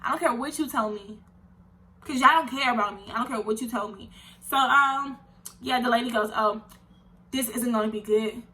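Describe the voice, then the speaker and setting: A young woman tells a storytime vlog in a very bright, slightly high voice. She talks with animated indignation and lots of slang. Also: moderate pace. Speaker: vlogger.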